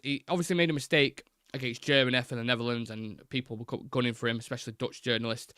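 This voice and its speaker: A young man with a medium-pitched, bright, forceful voice hosts a live football fan show in clean studio sound with no room echo. He chats through his opinions and reads viewer comments, using plenty of fillers and restarts.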